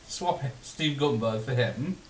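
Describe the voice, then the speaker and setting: Slightly slow and medium-pitched, this man speaks with lively intonation as he hosts a casual film watch party over a call for his channel. He laughs a lot and makes dry, teasing comments, and the room sounds echoey with a faint hiss.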